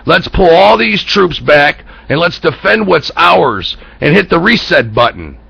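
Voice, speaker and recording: A man's voice: fairly high pitch, very animated, a little slow, vocal fry, pushed and bright, breathy edge, lo-fi sound. An American man hosting an internet talk show, ranting bluntly about politics with profanity and heated rhetorical questions. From United States. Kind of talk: political commentary rant.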